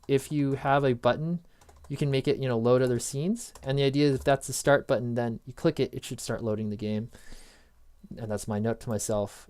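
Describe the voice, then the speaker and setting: A man with a medium-pitched, slightly mellow, clean voice hosts a casual screen-recorded coding lesson. He rambles through his notes, tossing in jokey asides and often interrupting himself.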